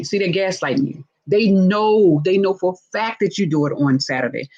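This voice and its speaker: Husky-voiced woman hosting a lively talk. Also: fairly low pitch, normal speed, few pauses, highs cut off. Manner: animated, acts out quoted speech, frequent "right?". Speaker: host discussing narcissistic relationships. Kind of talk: live casual teaching talk.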